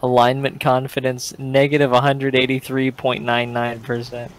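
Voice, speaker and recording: Dude playing a game w friends, deadpan jokes, faint music behind. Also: male voice, mid-range voice, moderate pace. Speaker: gamer. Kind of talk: casual chat while gaming.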